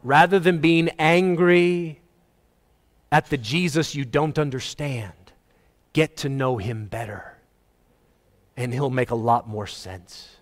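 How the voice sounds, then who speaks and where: A male pastor preaching a sermon emphatically, his voice rising and falling in pitch and loudness. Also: takes it slowly, pauses often, in a large hall. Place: church.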